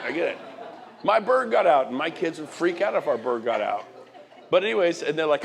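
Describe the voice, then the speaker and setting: A man's voice: a little high, sing-song, a little fast, creaky. A middle-aged man giving a motivational speech, hitting the crowd with emphatic rhetorical questions and often repeating and restarting words. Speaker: guest speaker.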